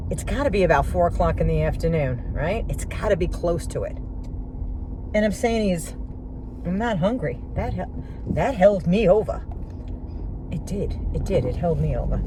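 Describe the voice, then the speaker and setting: Woman venting to her followers like friends, sarcastic, phone vlog, a little background hum. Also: lowish voice. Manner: sarcastic, chatty, talks to viewers as friends. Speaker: vlogger. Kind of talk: casual vlog rant. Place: car and grocery store, then home kitchen.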